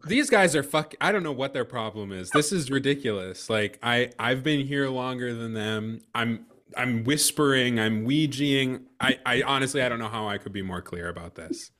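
A man voicing an exasperated male ghost who rants quickly about being ignored in a tabletop game. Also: medium pitch, fairly bright tone, close to an everyday voice. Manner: rapid, fed-up ranting. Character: exasperated male ghost speaking through a Ouija board.

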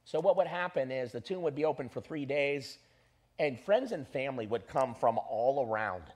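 A pastor preaching an animated sermon and leading his congregation in call-and-response. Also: medium pitch, moderate pace.

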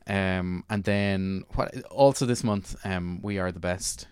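Chatty guy hosting a movie podcast, low smooth voice, dry close sound. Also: slow, darkish tone, dry recording. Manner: chatty, enthusiastic, full of fillers. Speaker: film podcast host. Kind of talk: casual film review chat.

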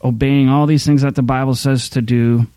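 A middle-aged man pastor talks through a sermon in a loose, candid way, circling back with fillers and restarts. His voice is mellow and smooth, and it sits close and dry on the mic. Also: medium pitch, flat delivery, moderate pace, dry recording. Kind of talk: casual sermon talk.

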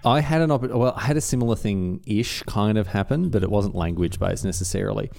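A man's voice: on the low side, fairly quick, creaky, a little mellow. A man co-hosting a podcast, telling rambling stories in a casual chat and slipping into playful put-on voices. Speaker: podcast co-host.

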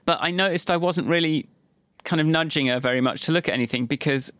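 A man's voice: on the high side, quick pace, fairly bright tone, smooth, no room sound, clean studio sound. A man in casual conversation, rambling and hesitant, often restarting his sentences. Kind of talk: casual chat.

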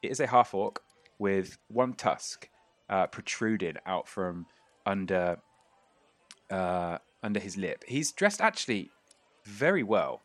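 A man's voice: low voice, very animated, slow, a bit bright, dry recording. A man narrating as game master of a tabletop game, rambling with many fillers.

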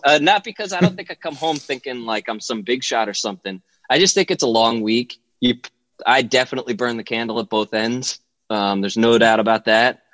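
A middle-aged man telling stories as a podcast guest, lively and chatty, acting out what people said in raised voices. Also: a little fast, no room sound. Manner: animated storyteller, acts out quotes in high voices. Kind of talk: casual storytelling chat.

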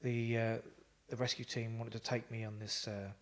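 A man tells a story with plenty of animation in a relaxed interview. His voice sits at a middling pitch, and he swears and laughs easily. He sounds like a talkative guest who is at ease with his host. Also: moderate pace. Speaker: psychotherapist guest.

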